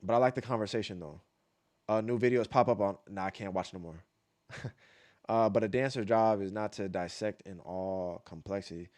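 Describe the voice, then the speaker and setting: A man's voice: fairly low pitch, moderate pace, darkish tone. A man giving blunt, profane live-stream commentary, repeating points for emphasis and vocalizing beat patterns aloud. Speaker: streamer reacting to dance battles.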